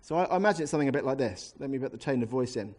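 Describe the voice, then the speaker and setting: An animated preacher delivers a Bible exposition in a conversational way. He acts out scripture as he reads it, in a voice of ordinary middle pitch. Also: very fast. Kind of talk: expository sermon.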